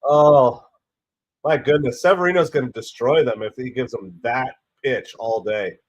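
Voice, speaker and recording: A man with a hoarse, stuffy voice from a cold hosts a relaxed live stream and chats his way through the game. He rambles between stats and plays, and gets excited over close pitches. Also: measured pace, lo-fi sound. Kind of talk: casual play-by-play chat.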